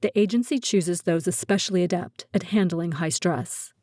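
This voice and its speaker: A woman voicing a calm, self-assured nineteen-year-old young man who recruits teens as spies in an audiobook, speaking matter-of-factly. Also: on the low side, moderate pace, no echo, clean studio sound, close to an everyday voice. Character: calm, confident teen male spy recruiter. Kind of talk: audiobook character voice.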